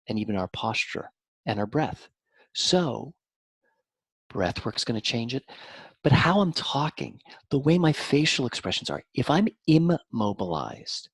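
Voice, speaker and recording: A man talking as an interview guest, explaining mind-body ideas in an animated way that swings from lively to soft and low. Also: husky, no room sound. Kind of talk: conversational explanation.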